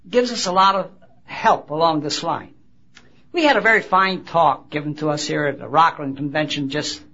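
Husky high-voiced man preaching. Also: bright, forceful tone. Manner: halting, restarts phrases, emphatic rises. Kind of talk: sermon with Bible reading. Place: convention gathering. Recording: dull lo-fi recording.

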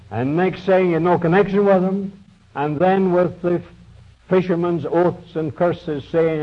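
A man's voice: fairly high pitch, measured pace. A man preaching a sermon, retelling a Bible story in a folksy, conversational way and voicing its figures with small shifts. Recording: dull lo-fi recording.

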